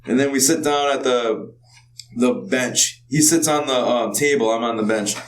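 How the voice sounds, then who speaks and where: A male podcast co-host tells a long, rambling anecdote at a mid pitch. He laughs easily and swears casually. A faint hiss runs under the talk. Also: normal speed, echoey room, recorded from a distance, poor audio. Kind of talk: casual storytelling chat.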